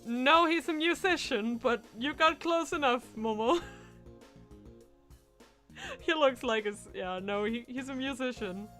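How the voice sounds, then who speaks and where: A giggly, excitable woman streamer, her voice sitting on the high side. She chats casually to her viewers while she plays. Light music runs behind her. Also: measured pace, pauses often. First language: Danish. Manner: giggly, excitable, talking to chat. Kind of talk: casual game playthrough chat.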